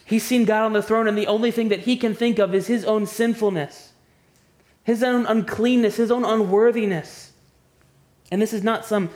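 A man with a high voice preaches a sermon. He drops to a hushed, quiet delivery, then climbs into loud, impassioned stretches. He often stumbles and restarts his words as he presses his points. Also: fairly even intonation, moderate pace. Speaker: pastor.

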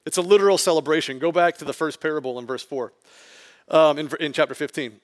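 A man's voice: fairly high pitch, fast. A man, a pastor, preaching a conversational sermon to his congregation, often adding "like" and building emphasis.

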